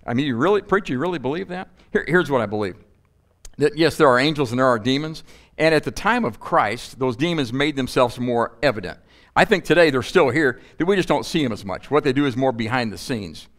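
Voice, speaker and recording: A man preaching in a church with an animated, playful delivery. His voice sits in a middle pitch range. He asks his audience rhetorical questions and adds humorous asides. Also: brisk. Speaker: pastor. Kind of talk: sermon.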